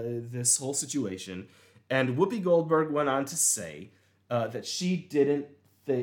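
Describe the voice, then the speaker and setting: Rambling man in an echoey room. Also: mid-range voice. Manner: rambling, animated storytelling. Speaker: podcast host. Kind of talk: casual chat.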